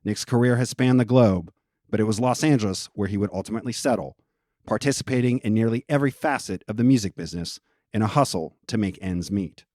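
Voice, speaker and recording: A man hosting a podcast, reading a measured, formal introduction and then asking interview questions. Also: on the low side, a little mellow, no room sound, studio quality. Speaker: podcast host.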